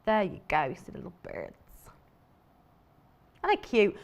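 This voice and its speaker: A woman hosting a live shopping-channel demonstration, talking in a chatty, enthusiastic, rambling way. Her voice sits in an ordinary middle pitch for a woman, and she is a studio presenter. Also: huge pitch swings, normal speed.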